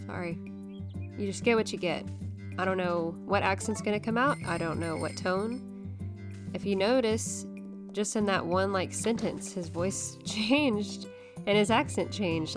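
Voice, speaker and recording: A woman hosting a casual let's-play, rambling and correcting herself as she talks. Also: mid-range voice. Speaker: gaming channel host. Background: game music.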